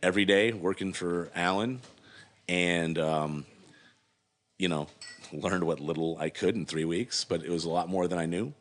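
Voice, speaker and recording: A man's voice: low voice, normal speed. A middle-aged man, a guest brewer, telling a long rambling story in a casual interview, full of fillers and acted-out quotes.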